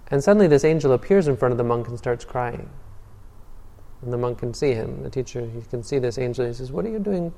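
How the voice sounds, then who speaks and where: A man with a medium-pitched, mellow, dark voice teaches meditation in a dharma talk, speaking fairly quickly in a calm storytelling style. He tends to restart and repeat words as the sound trails into a long hall reverb.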